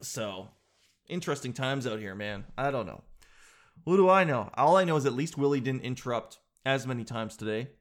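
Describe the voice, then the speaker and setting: A man's voice: medium pitch, lively intonation, moderate pace. A man rambles through a casual monologue as the host of a daily show. He jokes and mocks himself as he goes. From Canada. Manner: jokey, rambling, self-mocking.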